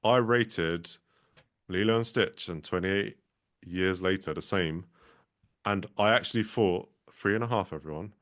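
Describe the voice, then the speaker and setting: A man's voice: low-pitched, unhurried, fairly bright tone. A man co-hosting a podcast, talking in a hesitant way with many restarts in casual conversation. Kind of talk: casual chat.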